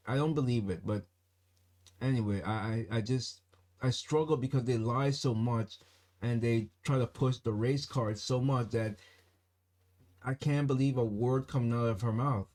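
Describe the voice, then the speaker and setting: A man reads a news story aloud on his own channel and breaks off to question it. He speaks slowly and haltingly, at a middling pitch. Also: darkish tone. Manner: reads aloud with skeptical asides. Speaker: channel host. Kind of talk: reading and commenting on news.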